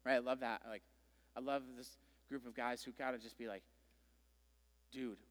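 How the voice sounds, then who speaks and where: A man preaching a sermon, telling a Bible story with animated, conversational delivery and playful acted-out voices. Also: mid-range voice, fairly quick, big-room sound. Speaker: pastor.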